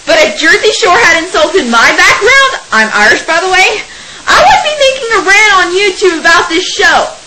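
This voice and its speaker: Exasperated young woman ranting, high and lively. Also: moderate pace, background noise. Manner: exasperated, sarcastic, laughing between complaints. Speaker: vlogger. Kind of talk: ranting to camera.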